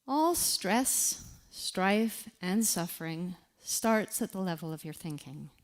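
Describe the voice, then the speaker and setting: Woman with a lively, low-pitched voice. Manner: slow, deliberate emphasis with reflective pauses. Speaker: grief speaker. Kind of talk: motivational talk.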